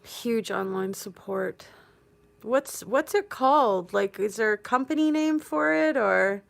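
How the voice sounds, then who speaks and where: A woman talks slowly and unhurriedly with a gravelly, creaky edge as she chats live with viewers from her couch. She sounds tearful, rambling and emotional, laughing hard things off, picked up close on a headphone mic. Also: fairly high pitch, animated. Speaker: livestream host. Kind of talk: casual live chat with viewers. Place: at home on a couch.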